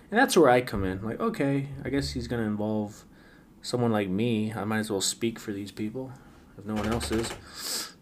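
Guy doing a midnight solo podcast, kinda low voice, rambly and wry, trips over his words, little hiss in the background. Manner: rambling, wry, stammering restarts. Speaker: podcast host. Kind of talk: late-night solo podcast musing.

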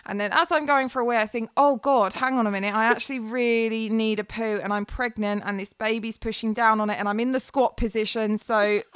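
A woman in her thirties from England telling a funny personal story in casual chat, animated and laughing as she acts out what people said. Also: fairly high pitch, fairly quick, few pauses, smooth, dry recording.

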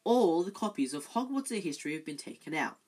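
A reader voicing a studious, bossy teenage schoolgirl who speaks clearly and severely. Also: mid-range voice, lively intonation, fast, background noise, lightly acted. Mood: insistent.

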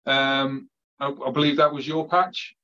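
A man hosting a podcast, asking interview questions in a hesitant, measured way. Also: mid-range voice, little pitch movement, pushed and bright, muffled recording. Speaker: podcast host.

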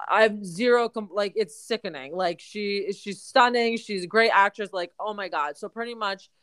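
A woman's voice: mid-range voice, moderate pace, a bit bright, dry recording. Crude, chatty woman podcast co-host. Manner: crude, storytelling, lots of "like" and restarts. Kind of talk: casual chat.

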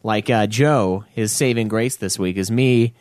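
Low-voiced swearing podcast co-host man. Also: a little slow, darkish tone, no room sound, studio quality. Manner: blunt, swears freely, laughs often. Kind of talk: casual podcast banter.

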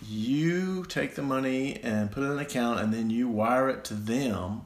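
Haltingly and with frequent restarts, a Southern American man rambles through a self-deprecating personal story. He speaks at a medium pitch, and the room sounds echoey.

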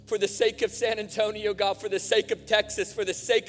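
A man preaching a sermon in a church, impassioned, swinging from hushed appeals to shouted fervor. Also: sits high, level tone, brisk. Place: church hall. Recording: music, long hall reverb.

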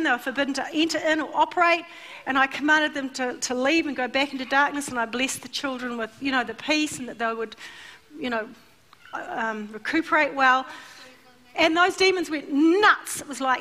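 Bright-voiced, animated woman preaching. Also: high voice. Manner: animated storytelling, acts out voices. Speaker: church speaker. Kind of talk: sermon. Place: church.

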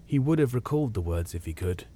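A man narrating a classic ghost story as an audiobook, in a measured, quiet and grave way. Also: lowish voice, expressive, a little hiss or hum.

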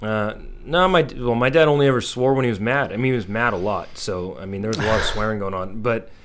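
A man's voice: on the low side, fast, slight background noise. A man in his thirties in casual podcast chat, blunt and venting, swearing freely.

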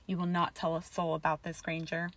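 A woman's voice: deep voice, monotone, fairly quick, a bit bright. Draco, a woman reading a bitter young wizard. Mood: curt. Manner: harsh, hissing and cynical.

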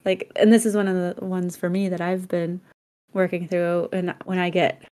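Lower-voiced woman, animated storyteller. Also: normal speed. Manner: animated storyteller who acts out quotes. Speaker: podcast co-host. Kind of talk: casual chat.

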